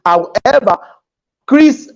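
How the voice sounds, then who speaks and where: A man's voice: very high-pitched, animated, takes it slowly. A man with a Nigerian English accent giving an emphatic, preacher-like motivational talk as a guest business coach in a studio, repeating his key phrases. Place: podcast studio.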